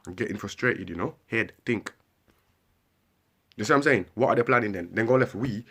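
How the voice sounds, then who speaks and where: A man's voice: fairly low pitch, fairly quick, a bit bright, breathy edge. A man delivering a heated, repetitive ranting monologue and pressing the listener with questions. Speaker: vlogger.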